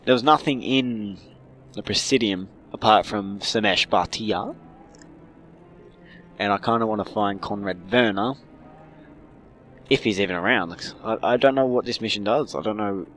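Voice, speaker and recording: A man's voice: fairly low pitch, animated, normal speed, long pauses, a bit bright. A man giving casual, joking commentary while playing a game, rambling and unsure. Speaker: gamer.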